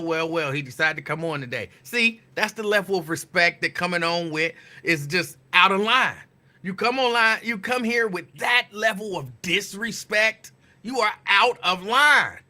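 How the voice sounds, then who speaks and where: A man hosting a casual live talk show, greeting listeners by name and teasing them playfully with loud, emphatic bursts. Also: high-pitched. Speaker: radio host. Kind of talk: casual live-show chat reading listener shout-outs.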